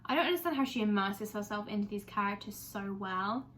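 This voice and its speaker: A woman's voice: medium pitch, a little fast, fairly bright tone, faint music behind, low-quality recording. Gushing, chatty young woman vlogger. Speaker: music vlogger. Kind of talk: casual chat reviewing an album.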